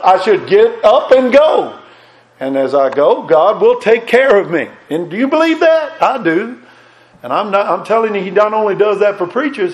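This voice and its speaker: A man preaching a sermon, fervent and emphatic, repeating words and swinging between raised and hushed delivery. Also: high-pitched, low-quality recording.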